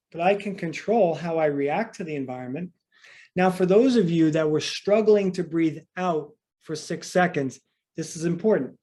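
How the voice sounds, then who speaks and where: A man working as a breathing coach, guiding a breathing exercise by calmly counting the breaths, then explaining the method in plain words. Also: high-pitched. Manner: calm, counts breaths slowly and softly.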